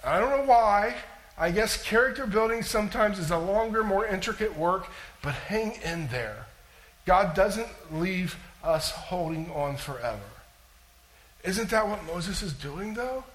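Pastor guy with a pretty high voice, lively sermon, keeps asking the crowd questions. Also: unhurried, low-quality recording. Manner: animated, conversational preaching with questions to the audience.

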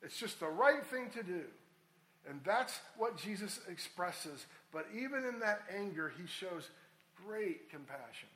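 A man's voice: sits high, very animated, a little slow, fairly bright tone, rough recording. A middle-aged man preaching a sermon as pastor, reading scripture aloud and building to emphatic peaks.

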